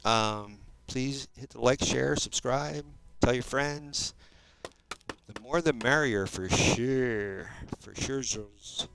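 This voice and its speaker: Gravelly-voiced South Jersey man streaming a game. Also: medium pitch, takes it slowly, a bit bright, slight background noise. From South Jersey, USA. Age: 50s. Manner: chatty, talks to viewers while playing, says dude and man. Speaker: Minecraft streamer. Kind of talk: casual live-stream gameplay chat.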